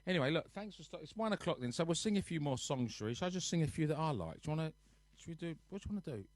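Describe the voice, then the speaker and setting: Very fast and expressive, his fairly high voice is a little mellow, recorded dry. The man, a live-stream host and musician, sits on his sofa at home chatting casually with his audience, rambling and reading their comments aloud.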